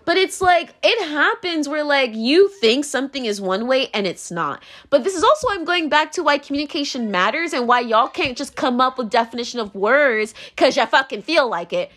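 Young woman, solo podcast host: exasperated rant, slightly high voice that swoops all over. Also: lively intonation, moderate pace, few pauses, fairly bright tone. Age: 20s. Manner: rambling, profane, constant "like" fillers; exasperated, ranting.

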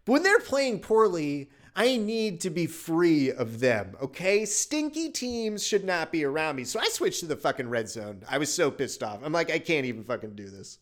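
A man from Wisconsin hosting a casual sports podcast, ranting in an exasperated, profane way. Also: on the high side. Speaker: podcast host.

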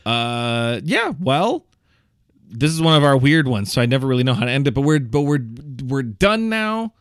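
A man's voice: mid-range voice, moderate pace, clear, resonant tone, no room sound, studio quality. A man co-hosting a casual podcast, rambling and laughing as he chats about a movie. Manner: animated, rambling, laughs often. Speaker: podcast co-host. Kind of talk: casual chat.

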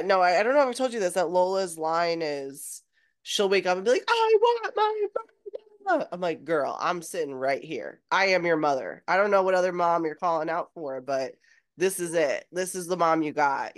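A woman in her thirties co-hosting a casual podcast, chatting and reacting with quick asides. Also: fairly low pitch. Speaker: podcast co-host. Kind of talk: casual chat.

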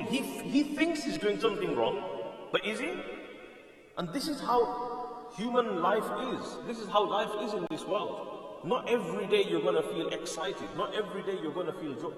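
A man preaching an Islamic lecture, explaining in English and quoting classical Arabic text at speed, with an emphatic, repetitive cadence. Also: high voice. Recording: echoey hall, voice from far off, faint music.

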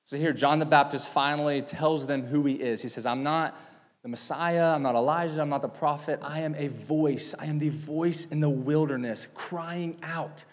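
Animated man preaching in a hall. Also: a little high, normal speed. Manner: animated teaching with big swings in volume. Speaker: pastor. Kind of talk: sermon.

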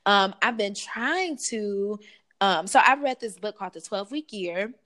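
A woman life coach talking in a casual podcast interview, lively and expressive, with slangy asides and frequent laughter. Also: medium pitch, unhurried.

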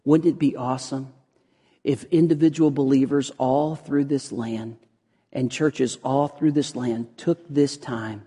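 A man preaching a sermon. He swings from loud, emphatic lines to hushed, near-whispered ones. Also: mid-range voice, steady tone, a little slow, breathy edge. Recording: long reverb of a large hall.

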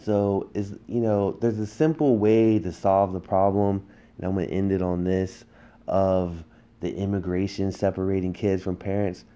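A man with a low, dark-toned voice hosts a political podcast. He rants in a heated, emphatic way and leans on rhetorical questions to drive his points home. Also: steady tone, moderate pace, clean tone. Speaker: podcast host.

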